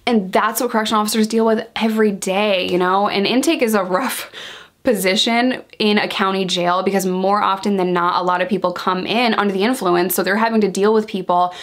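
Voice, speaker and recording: A woman's voice: medium pitch, a little fast. Woman vlogger, candid storytime, blunt and profane, mid-range voice, acts out quotes. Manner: frank, animated storytelling that acts out quoted dialogue. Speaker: vlogger sharing her jail experiences.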